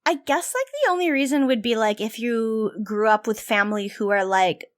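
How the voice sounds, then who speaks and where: A woman's voice: on the high side, moderate pace. A young woman co-hosting a podcast in chatty, casual talk, laughing often and slipping into mocking impressions. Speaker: podcast co-host. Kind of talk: casual chat.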